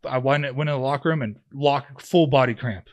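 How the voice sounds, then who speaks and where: Through dull audio comes a brisk, medium-pitched man's voice. He is in his thirties, a podcast guest who once played pro football, telling a long story loosely in a casual interview, with many fillers and restarts.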